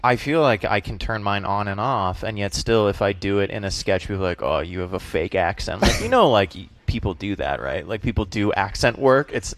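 A man's voice: lowish voice, a little fast, few pauses. Joking man with a faint Boston accent. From Boston area. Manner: animated, jokey storytelling. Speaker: comedian guest. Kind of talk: casual interview chat.

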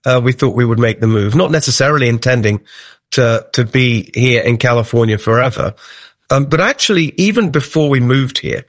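A man's voice: mid-range voice, lively intonation, fairly quick, no echo, studio quality. A middle-aged British man answering interview questions as a political candidate, chatty and hesitant, with frequent fillers and restarts. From United Kingdom. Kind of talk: radio interview.

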